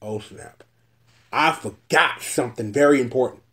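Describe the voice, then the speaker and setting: A man's voice: mid-range voice, normal speed, a bit bright. A man hosting a casual episode-review vlog, joking and breaking into voices as he talks. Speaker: show host reviewing a TV episode.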